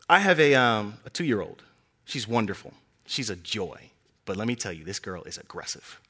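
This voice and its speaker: A young man preaching a sermon, telling scripture stories with animated delivery and acting out the characters' lines. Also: normal speed, breathy edge. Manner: animated storytelling, acting out characters with big pitch swings.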